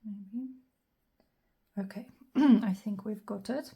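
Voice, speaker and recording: Slow, husky-voiced woman crafting and thinking aloud. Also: mid-range voice, dark tone. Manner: thinks aloud, hesitant, clears throat often. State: scratchy, slightly hoarse voice. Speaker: craft channel host. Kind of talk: casual crafting tutorial narration.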